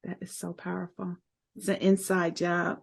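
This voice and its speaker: A woman hosting a podcast, her voice sitting low with a gravelly edge. She affirms her guest often and asks her questions in an encouraging way. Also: monotone, moderate pace. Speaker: podcast host. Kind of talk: podcast interview.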